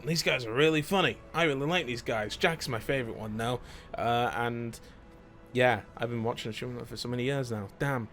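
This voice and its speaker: A young man talks through his favourite games in a loose, rambling way. He corrects himself mid-sentence and drops the odd swear word. His voice sits at an ordinary middle pitch for a man. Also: fairly bright tone. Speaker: video game streamer. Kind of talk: casual chat, ranking favourite games.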